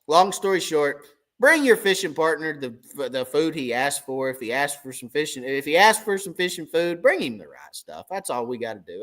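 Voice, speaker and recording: Guy hosting a fishing live stream, story mode, acts out both sides of the chat, kinda high and bright voice. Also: lively intonation, normal speed. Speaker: tournament crappie angler and channel host.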